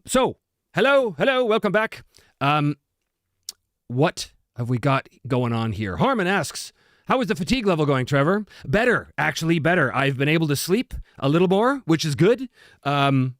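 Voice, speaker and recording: Brief: lively male stream host, expressive pitch, dry close sound, chatty. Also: no echo. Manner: animated, self-deprecating, chatty. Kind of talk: live stream Q&A chat.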